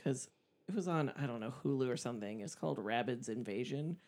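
Woman with a low voice and lively pitch, wry and dry, casual chat. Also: fairly quick. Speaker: parent on a podcast.

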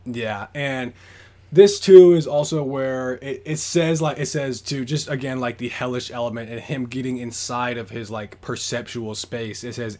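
This podcast host's mid-range voice is warm, and he speaks at a moderate pace. He rambles casually through a story during a book discussion, using "like" as a filler over and over.

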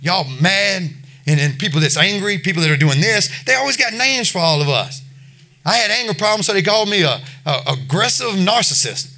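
High, bright-voiced folksy preacher man. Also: big pitch swings, a little fast. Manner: conversational, folksy, repeats himself. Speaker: preacher at a recovery ministry. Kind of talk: informal sermon.

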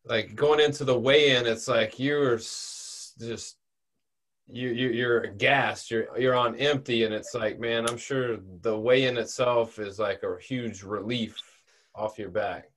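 A man's voice: mid-range voice, fairly even intonation, slow pace, a bit bright. A man interviewing a fighter, asking long, rambling questions with repeated words.

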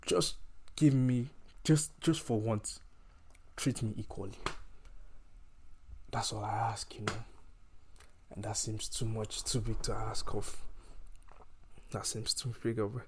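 A man's voice: lowish voice, steady tone, slow, long pauses, noisy background. A man delivering an impassioned, heated rant to his audience, emphatic and often repeating and restarting his phrases.

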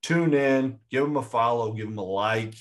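A man co-hosting a movie podcast in casual chat, excitable and rambling with frequent restarts. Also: mid-range voice, normal speed. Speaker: podcast co-host.

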